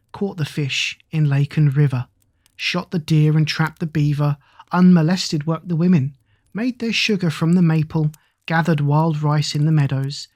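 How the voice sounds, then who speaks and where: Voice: medium pitch, darkish tone. Narrator reciting rhythmic verse for sleep. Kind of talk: bedtime sleep story reading of an epic poem.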